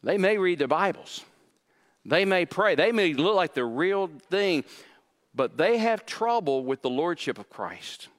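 High-voiced man preaching a lively sermon. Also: a little slow. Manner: animated, acts out quoted voices with rising pitch; repeats words when stressing a point. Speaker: pastor.

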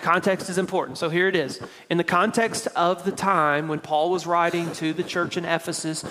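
A man's voice: on the high side, a bit bright, in a large hall, slight background noise, rough recording. A man with a Tennessee accent preaching a sermon from the pulpit, explaining scripture step by step in a conversational way. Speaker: pastor. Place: church sanctuary.

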